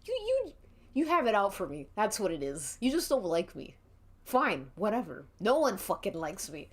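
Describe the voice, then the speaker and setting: A woman voicing Marchie, a furious, defensive male suspect in a murder mystery role-play game who shouts and swears. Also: mid-range voice, wildly swooping pitch, moderate pace.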